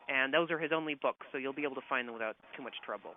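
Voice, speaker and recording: A young man, an author taking fans' questions on a phone call, friendly and quick to laugh. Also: mid-range voice, lively intonation. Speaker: author guest. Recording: tinny phone line with faint hiss.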